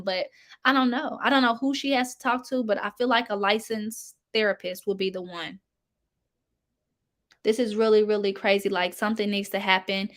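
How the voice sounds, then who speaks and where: A woman's voice: fairly high pitch, fairly bright tone. A young woman YouTuber chatting frankly and casually, speaking straight to her viewers. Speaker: commentary YouTuber. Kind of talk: casual commentary chat.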